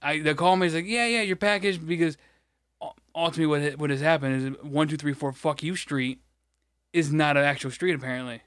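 A man's voice: fairly high pitch, fairly quick, fairly bright tone, dry recording, clean studio sound. A man from Michigan, co-hosting a podcast, rambling through an exasperated, profane story in casual chat. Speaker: podcast co-host.

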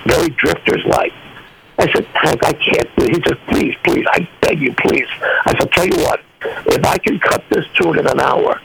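An older man, a guest singer on a radio interview, telling stories in an animated way and acting out the dialogue. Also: fairly high pitch, moderate pace, creaky, slight background noise, poor audio.

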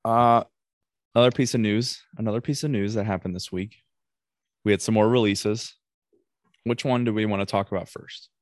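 Lower-voiced man hosting a casual chat. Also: fairly even intonation, moderate pace, pauses often, no echo, clean studio sound. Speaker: podcast host.

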